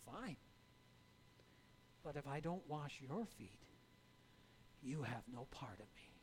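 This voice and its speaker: A man doing a calm, quiet teacher. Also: medium pitch, slow, a little hiss or hum, voice pushed down, low-quality recording.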